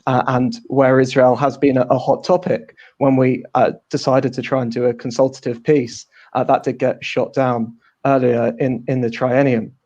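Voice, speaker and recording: A man's voice: mid-range voice, darkish tone. A man answering directly and persuasively as a hustings candidate. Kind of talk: debate answer. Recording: muffled, lo-fi audio.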